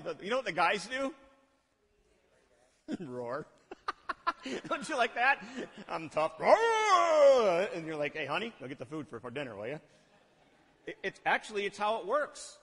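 A male pastor preaching a sermon, animated, asking the congregation questions and acting out quotes. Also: sits high, breathy edge. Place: church sanctuary. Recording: long hall reverb.

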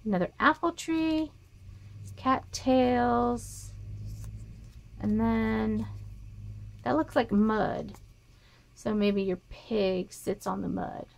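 Slow, gravelly-voiced woman crafter. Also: on the high side. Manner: reads items aloud, gushing softly. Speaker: paper crafting vlogger. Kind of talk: casual show-and-tell haul.

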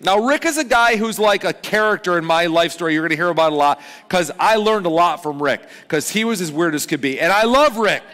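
A man in his thirties preaching a sermon as pastor, chatty and joking, with lively swings in pitch and loudness. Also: brisk, few pauses. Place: large church auditorium. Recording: long hall reverb.

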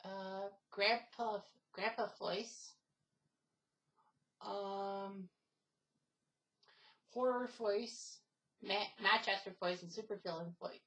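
A woman talks casually on her own gaming channel, wandering from point to point. She often stops on "um" and restarts her sentences. Her voice sits at an ordinary pitch for a woman. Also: steady tone, takes it slowly, pauses often, a bit bright, poor audio. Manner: rambling, many fillers and restarts. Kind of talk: casual gaming video talk.

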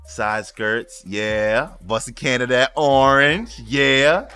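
A man giving casual, slangy commentary while playing a racing game, excitable and profane, chatting to his viewers. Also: mid-range voice, very slow, clear, resonant tone, faint music behind. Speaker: gaming YouTuber.

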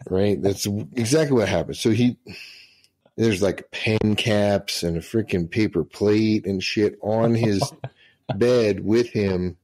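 A man's voice: lowish voice, slow, a little mellow. A middle-aged man, a retired senior master sergeant, telling profane, laughing anecdotes in casual storytelling.

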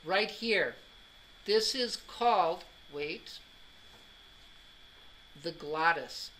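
A man's voice: high voice, expressive, very slow, bright, forceful tone, a little hiss or hum, low-quality recording. A man giving a classroom anatomy lecture, joking and quizzing students as he goes. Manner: joking, drills students with questions.

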